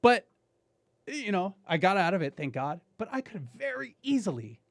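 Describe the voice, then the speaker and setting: A man guest on a podcast, telling a story in a casual, animated way, swearing and saying "dude" often. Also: high-pitched, brisk, creaky, no room sound, studio quality.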